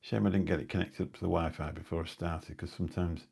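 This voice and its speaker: Low gravelly middle-aged man rambling. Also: steady tone, fast, darkish tone. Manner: rambling anecdotal storytelling with dry asides. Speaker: live-stream host. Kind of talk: casual rambling chat. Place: indoors at home. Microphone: new phone or mic on a live stream.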